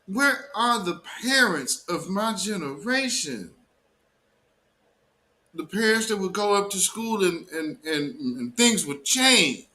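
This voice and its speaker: Male livestream host, high bright voice, indignant slangy commentary. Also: big pitch swings, slow. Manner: emphatic, indignant rant with slang.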